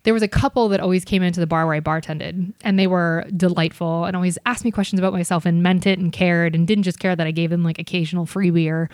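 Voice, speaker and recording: A woman telling bartending stories as a guest in a casual podcast chat, animated, with quick asides. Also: on the low side, dry recording, clean studio sound. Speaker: podcast guest, bartender and comedy club server.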